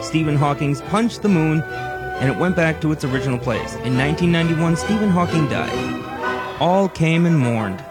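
A man narrating an absurd mock-documentary segment in a deadpan, mock-serious manner, with music behind him. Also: fairly high pitch, moderate pace. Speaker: recorded comedy segment narrator.

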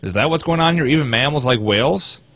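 Guy cohosting a chat show, reads stuff out loud all mock serious, sarcastic, dry sound. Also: mid-range voice, expressive, fast, no room sound. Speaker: co-host. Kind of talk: casual chat, reading articles aloud.

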